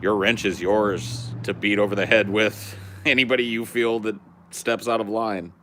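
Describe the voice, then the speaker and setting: A man hosting a casual livestream chat, loose and profane, bursting into loud silly sound effects, talking from a phone while sitting outdoors at home. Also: on the low side, fairly even intonation, normal speed, slight background noise. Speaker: podcast host. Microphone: phone stream.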